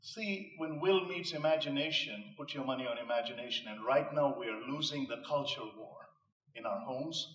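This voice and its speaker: This motivational speaker has a mid-range, fairly bright voice at a moderate pace, picked up by a distant mic in an echoey space. Before a live audience, he gives a rhetorical, emphatic inspirational talk peppered with punchline jokes.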